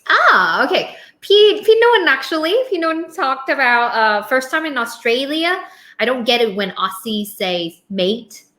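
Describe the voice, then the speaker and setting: A woman's voice: high voice, big pitch swings, a little slow, bright, forceful tone. A woman co-hosting a casual chat, hesitant and often repeating words as she restarts. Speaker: co-host. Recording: roomy echo.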